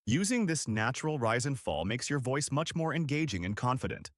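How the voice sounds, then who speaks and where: A male instructor narrates a scripted lesson with clear, deliberate articulation. His pitch swings widely and expressively. The sound is close and dry, with no room around it. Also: big pitch swings, no echo. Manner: clear, deliberate coaching delivery.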